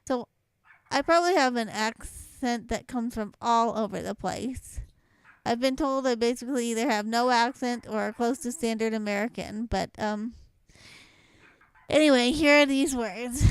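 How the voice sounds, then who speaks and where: A woman's voice: a little high, a little slow, clean tone, dry recording. Chatty young woman with light Louisiana accent. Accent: light Southwest Louisiana. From southwest Louisiana, born in Michigan. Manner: chatty, rambling, light laughs. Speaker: vlogger. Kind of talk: casual accent challenge vlog.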